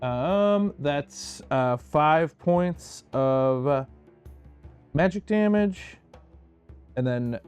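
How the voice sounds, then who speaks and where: A man's voice: on the high side, expressive, darkish tone, clean tone, soft background music. A man playing a tabletop game, speaking hesitantly. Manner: slow and hesitant. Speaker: player. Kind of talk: casual tabletop game play.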